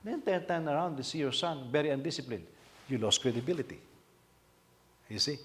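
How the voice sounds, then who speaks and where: In an animated sermon, a Filipino pastor keeps repeating phrases and asking rhetorical questions. He speaks a little fast, with a voice on the high side.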